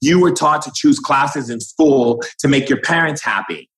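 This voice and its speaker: A man's voice: a little high, a bit bright, poor audio. A man speaking as a spiritual guide in an impassioned, preachy way, acting out quoted conversations.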